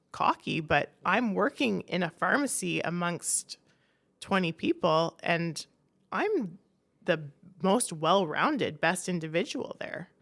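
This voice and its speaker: Gravelly low-voiced woman telling a candid story. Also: a bit bright. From Canada. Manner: frank, peppered with "like", swears casually. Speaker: podcast guest.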